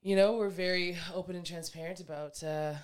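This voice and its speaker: Chatty, excitable co-host. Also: medium pitch, fairly quick, smooth. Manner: chatty, rambling, many fillers like "like" and "you know", excitable. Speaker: podcast co-host. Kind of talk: casual chat.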